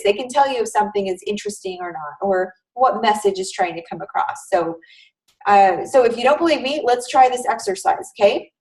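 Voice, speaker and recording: A woman's voice: on the high side, far from the mic, poor audio. A woman instructor giving a live online class lecture in a conversational way, often checking in with her students. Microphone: video call.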